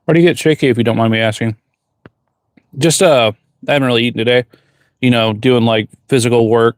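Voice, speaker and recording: A man's voice: mid-range voice, steady tone, fairly quick, long pauses, dry recording, studio quality. A man who is a blacksmith, chatting casually on a livestream from his forge workshop, rambling and reading viewer questions aloud.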